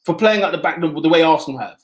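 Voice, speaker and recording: A young man co-hosting a football podcast, excitable and emphatic, stumbling over restarts. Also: fairly high pitch, racing. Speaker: podcast co-host. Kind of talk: casual football chat. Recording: roomy echo.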